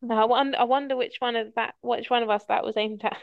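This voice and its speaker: A woman's voice: fairly high pitch, fairly even intonation, brisk, creaky, dry recording, phone-quality sound. A woman hosting a podcast, telling stories in casual chat and swearing freely. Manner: chatty storyteller, swears casually. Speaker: podcast host.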